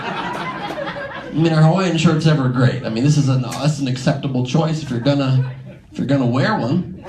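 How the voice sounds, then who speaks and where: A man's mid-range voice moves briskly as he riffs on audience members at a comedy club, brash and full of profanity. Heard through a handheld stage mic, the sound is roomy, with heavy background noise and a laughing crowd.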